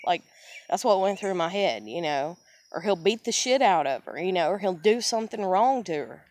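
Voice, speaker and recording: A woman's voice: on the low side, animated, moderate pace, darkish tone, no echo. A woman in a casual personal monologue. She talks candidly, swears often, rambles, restarts sentences and keeps saying "you know.".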